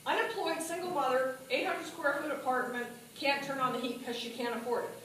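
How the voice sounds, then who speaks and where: Woman, very high voice, animated political speech, echoey hall, recorded from afar. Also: fairly quick, slight background noise. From New Mexico. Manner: animated, asks the audience questions. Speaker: political speaker. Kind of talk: speech at a party meeting. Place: meeting hall. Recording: echoey room from a distance.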